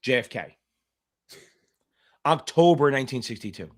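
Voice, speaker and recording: A man's voice: mid-range voice, animated, moderate pace. A middle-aged man tutoring exam candidates in a live-streamed Q&A, blunt, profane and provocative, wandering into side stories. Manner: rambling digressions.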